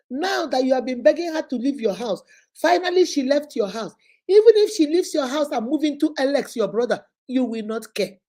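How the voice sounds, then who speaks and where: With a warm voice that sits high, a Nigerian-accented vlogger delivers fervent, sermon-like commentary. She scolds and presses her points emphatically, again and again, with rhetorical questions.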